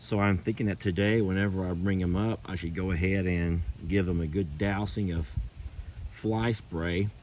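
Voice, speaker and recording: A man's voice: low voice, fairly even intonation, normal speed, darkish tone, slight background noise. Middle-aged man chatting on his farm. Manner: chatty, cooing at animals. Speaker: farm vlogger. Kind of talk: casual chat to camera and animals. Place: outdoors on a farm.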